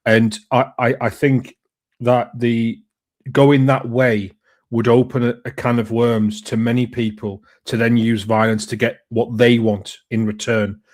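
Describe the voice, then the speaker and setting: A man, co-hosting a political live stream, speaking in a measured, deliberate way with emphatic rises. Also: mid-range voice, flat delivery, darkish tone. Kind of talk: political commentary.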